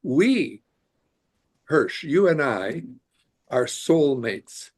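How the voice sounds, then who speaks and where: A man's voice: medium pitch, sing-song, extremely slow, darkish tone, breathy edge. A man as a podcast guest, talking earnestly in casual conversation and searching for his words as he goes. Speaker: guest, immigration attorney.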